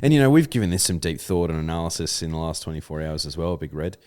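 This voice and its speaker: Man, Australian accent, very deep voice, wry banter, casual podcast co-host. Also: fast, a little mellow. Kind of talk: casual racing chat.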